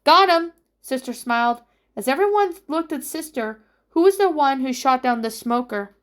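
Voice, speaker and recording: A woman reading her own fan fiction story aloud, haltingly, with restarts. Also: high voice, animated. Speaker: story reader. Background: faint music.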